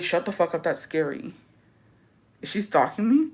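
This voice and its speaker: A woman's voice: lowish voice, big pitch swings, normal speed. A woman in her twenties telling a story in casual vlog chat, swearing freely and slipping in Spanish phrases. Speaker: vlogger.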